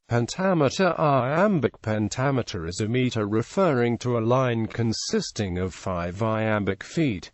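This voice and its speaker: A man's voice: mid-range voice, animated, measured pace, hardly any pauses, no room sound. Text-to-speech man reading an encyclopedia entry; spells out symbols letter by letter; dry booth sound. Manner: reads symbols and abbreviations out letter by letter. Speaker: encyclopedia article reader. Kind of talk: automated reading of an encyclopedia article.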